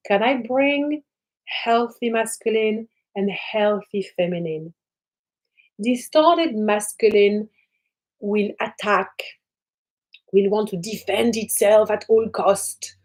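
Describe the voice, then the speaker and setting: A woman's voice: a little high, darkish tone, poor audio. A middle-aged woman speaking as a spiritual teacher in an earnest, emphatic teaching monologue, sometimes acting out what people say. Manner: earnest, emphatic, acts out quoted speech.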